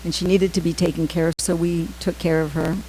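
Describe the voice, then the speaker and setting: A middle-aged woman giving a temple class, telling personal stories with many "um" pauses and acted-out quotes. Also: lowish voice, flat delivery, dark tone, a little hiss or hum, poor audio. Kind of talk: scripture class with personal storytelling.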